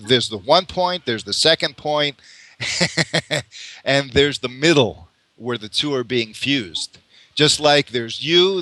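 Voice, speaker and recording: A man's voice: medium pitch, sharp tone, dry recording. A man in a casual conversation on mysticism, musing at length, restarting phrases and laughing often. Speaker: spiritual teacher in conversation.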